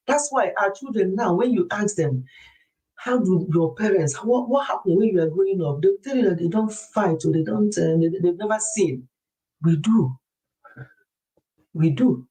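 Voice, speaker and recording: A middle-aged woman hosting a wellness show, chatting to a group in a lively, confiding storytelling way. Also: medium pitch, poor audio. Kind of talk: casual chat to a group.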